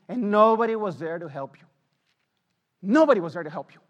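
A man preaching a fervent sermon in a strikingly high voice for a man. He repeats his lines for weight and swings between quiet, sober stretches and loud, pleading ones. His words ring out with a long reverb from a big hall. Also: animated, fairly quick, long pauses. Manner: impassioned, repetitive, swings from hushed to loud.

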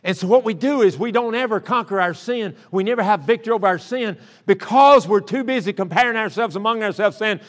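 A man's voice: sits high, a little fast, hardly any pauses, a bit bright. An older man preaching a sermon as pastor, mixing folksy stories with impassioned appeals. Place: church sanctuary. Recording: reverberant church sanctuary.

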